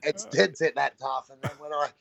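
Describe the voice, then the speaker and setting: A man with an Australian accent, chatting as a guest in a laid-back, halting way with many fillers. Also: fairly high pitch, fairly even intonation, gravelly, a bit bright. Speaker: guest, former rugby league player. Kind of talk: casual phone interview.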